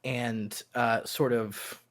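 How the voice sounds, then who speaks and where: A man running a tabletop role-playing game as narrator. He talks slowly and haltingly, pausing often with fillers, his voice at a middling pitch. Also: flat delivery, fairly bright tone. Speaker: game master.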